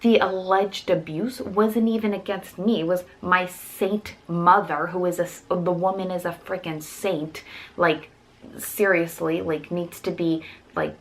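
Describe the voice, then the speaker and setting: A woman's voice: lowish voice, steady tone, rough recording. A young woman and mother of four telling an upsetting story to camera, rambling with many restarts and quoted voices. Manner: rapid, rambling, full of restarts and quoted dialogue.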